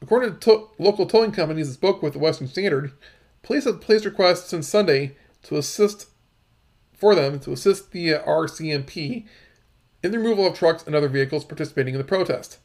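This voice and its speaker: Man reading news with halting asides. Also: a little high, lively intonation, darkish tone. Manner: halting, with many fillers and restarts. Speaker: commentator. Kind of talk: reading and commenting on news articles.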